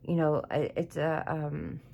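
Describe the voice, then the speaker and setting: Her low voice is creaky and mellow, flat in delivery and measured in pace, as this craft YouTuber unboxes supplies in her home craft room. She's chatty, gushing, emotional, and fond of "y'all." A little hiss or hum is audible.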